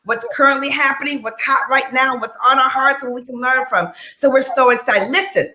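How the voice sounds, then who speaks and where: Energetic woman from detroit hosting live radio, bright punchy voice, echoey room w faint hiss. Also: sits high, fairly quick. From Detroit, Michigan. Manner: energetic, hype, repeats phrases for emphasis. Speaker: radio show host. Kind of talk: upbeat live radio talk show opening.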